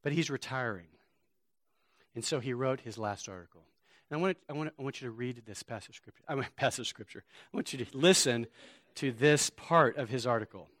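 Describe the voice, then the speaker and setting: A man preaching a sermon as a pastor, moving between loud, shouted passages and quiet storytelling. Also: medium pitch, fairly quick, no echo, studio quality.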